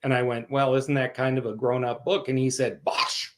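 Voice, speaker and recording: A man's voice: mid-range voice, brisk, background noise. A man from Canada, a guest author in a casual interview, telling stories and acting out the voices of the people he quotes. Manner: animated storyteller, acts out quoted voices.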